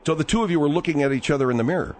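Stammering male radio host, slightly high voice. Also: racing, no room sound. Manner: hesitant, soothing, stammers. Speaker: radio talk show host. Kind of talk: comedy radio talk.

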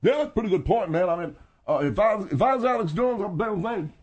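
A man puts on a cocky young sidekick with a high, husky voice. He barges in with loud, brash interjections and sounds set back from the microphone. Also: lively intonation, quick pace, highs cut off.

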